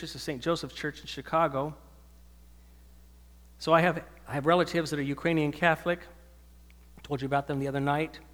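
A man's voice: fairly high pitch, fairly bright tone. A male pastor giving an earnest sermon that swells into emphatic preaching, in a church hall with long reverb.

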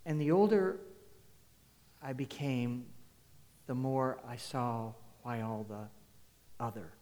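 A man preaching a sermon, emphatic, swinging between loud declarations and hushed asides. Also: mid-range voice, takes it slowly. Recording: long hall reverb.

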